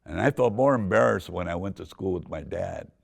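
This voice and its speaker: An older man from Southern California, with a deep voice, casually telling a rambling personal story full of restarts. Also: a little fast. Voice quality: deep gravelly voice. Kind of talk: casual spoken memoir.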